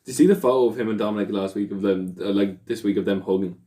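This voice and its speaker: Give me a young man with a lowish voice, chatting and teasing on a podcast. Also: warm tone. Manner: teasing, quick to call out his co-host. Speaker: podcast co-host. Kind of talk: casual chat.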